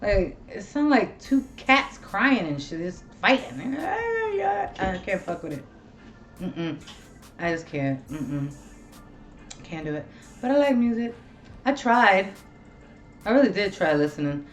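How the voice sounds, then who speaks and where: A woman's voice: medium pitch, big pitch swings, slow pace, long pauses, faint music behind. A woman hosting a casual talk show, chatting bluntly and animatedly with plenty of profanity. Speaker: host. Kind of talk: casual chat.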